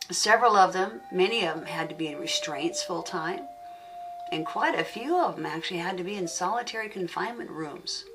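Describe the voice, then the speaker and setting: A woman with a low voice gives a spiritual teaching for an audio CD. She speaks slowly and earnestly, leaning on key words and repeating them as she tells the story. She sits a little away from the mic, with music playing underneath. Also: recorded from a distance, poor audio.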